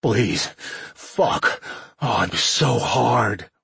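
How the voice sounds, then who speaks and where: Burly man, ragged rasp, wheedling and breathless, read by a male narrator; husky edge, slow delivery. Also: fairly low pitch, expressive, a bit bright, no room sound, full character voice. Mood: pleading. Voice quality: ragged, rasping. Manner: wheedling, begging. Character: big powerful man, pleading and breathless. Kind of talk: audiobook character voice.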